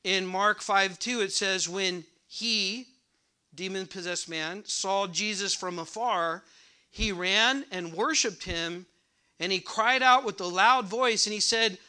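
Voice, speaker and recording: A man's voice: high voice, takes it slowly, pushed and bright, clean tone. A man preaching a sermon, asking the congregation questions and repeating words for emphasis. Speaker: pastor.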